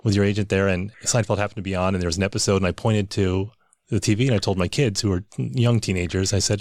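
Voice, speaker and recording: Male podcast host, rapid and chatty, lowish voice, dry close sound. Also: steady tone, a little mellow, no echo. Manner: chatty, quick, self-interrupting. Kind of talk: casual interview.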